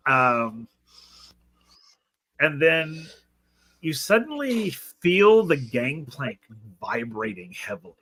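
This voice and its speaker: A man's voice: mid-range voice, very animated, takes it slowly, pauses often, music in the background, poor audio. A man narrating a tabletop role-playing game as game master, chatty with lots of fillers. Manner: chatty, frequent laughs and fillers.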